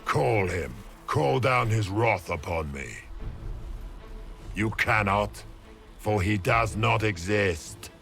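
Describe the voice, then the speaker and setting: A man's voice: fairly low pitch, expressive, takes it slowly, creaky, long pauses, a bit bright, faint music behind, heavily acted. An actor playing an ancient, menacing male villain who claims godhood, speaking in a grandiose, contemptuous way in a game. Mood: scornful. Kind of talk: game voice acting.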